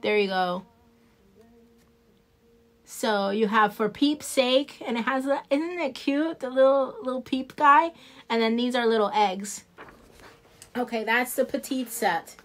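A woman's voice: on the high side, a little slow, pauses often. Chatty New Jersey woman selling nail sets. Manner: chatty, rambling, laughs easily, talks to viewers. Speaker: independent nail product seller. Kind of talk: casual live product showcase.

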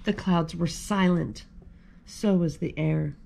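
A woman who is a children's librarian, reading a picture book aloud at storytime in a gentle, expressive way. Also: fairly low pitch, slow, creaky, background noise.

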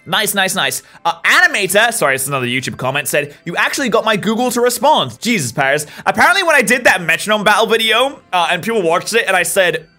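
Lively chatty woman gaming host. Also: mid-range voice, quick pace, hardly any pauses, faint music behind. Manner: chatty, joking, restarts. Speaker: let's play host. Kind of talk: gameplay commentary, reading comments.

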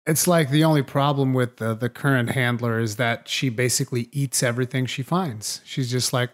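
A man's voice: medium pitch, steady tone, moderate pace, hardly any pauses. A man hosting a podcast, chatting casually and animatedly, often laughing and acting out lines. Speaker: podcast host.

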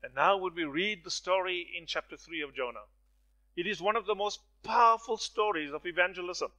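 Bright, forceful male preacher. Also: high voice, a little fast, low-quality recording. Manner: dramatic swings from soft to loud; storytelling with acted voices. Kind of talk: sermon.

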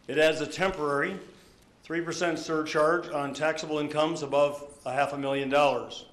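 A man giving a prepared budget statement at a news conference, measured and deliberate, stressing key words. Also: a little high, fairly even intonation, a bit bright, roomy sound. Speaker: governor.

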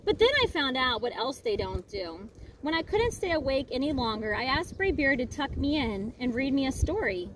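A woman reading a picture book aloud in a lively, expressive storytelling manner, outdoors by a lakefront. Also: high voice, moderate pace. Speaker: storybook reader. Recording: noisy outdoor recording.

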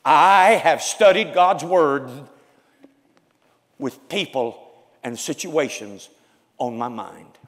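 A man preaching as a pastor, with a raspy, loud voice, swinging from shouts to hushed prayer. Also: a little high, animated, slow, big-room sound. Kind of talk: sermon. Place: church sanctuary.

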